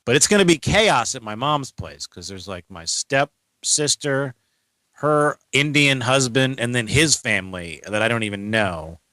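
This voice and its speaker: A man's voice: mid-range voice, animated, a little slow, sharp tone, dry recording. A man, co-hosting a casual podcast, rambling and asking lots of questions. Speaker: co-host.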